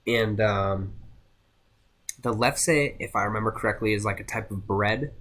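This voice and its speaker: A young man giving a casual class presentation, halting with many fillers and restarts. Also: on the low side, fairly bright tone. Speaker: student presenter.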